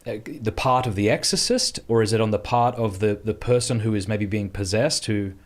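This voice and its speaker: Man asking thoughtful, halting questions. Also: on the low side. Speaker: podcast host. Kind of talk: interview conversation.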